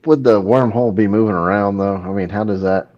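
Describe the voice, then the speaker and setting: A man's voice: fairly low pitch, brisk. A man in a casual podcast chat, hesitating and trailing off as he thinks. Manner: hesitant, trailing off mid-thought. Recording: dull lo-fi line.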